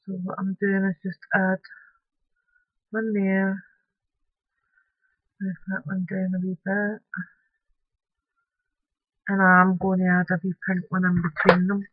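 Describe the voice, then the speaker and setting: A woman's voice: mid-range voice, monotone, slow, pauses often, no echo. Chatty woman crafting, dull recording. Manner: chatty, mutters to her materials. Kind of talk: crafting tutorial narration.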